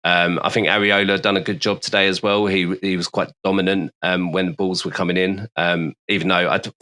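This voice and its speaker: A man with a very low voice that still cuts through with a bright, forward edge. He talks football casually on a podcast, hesitating often with ums and restarts and dropping swear words along the way. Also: level tone, fairly quick. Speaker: podcast co-host, West Ham fan.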